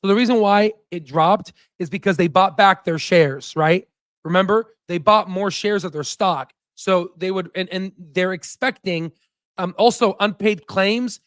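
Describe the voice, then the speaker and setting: A man's voice: high-pitched, measured pace, a bit bright, no echo, studio quality. Ranting man hosting a stock livestream. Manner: heated and ranting, with frequent "right?" tags; rambling with restarts and self-corrections. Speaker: stock market livestream host. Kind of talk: casual livestream commentary.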